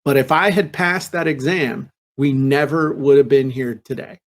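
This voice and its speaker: A man hosting a casual business podcast, telling a personal story with lively restarts and repeated words. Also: mid-range voice, moderate pace. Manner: laughs easily and jokes. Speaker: podcast host. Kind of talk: casual chat.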